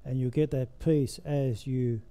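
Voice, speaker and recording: A man's voice: medium pitch, steady tone, measured pace, warm tone. An older man preaching a sermon in a church, emphatic, his voice rising and falling with the message.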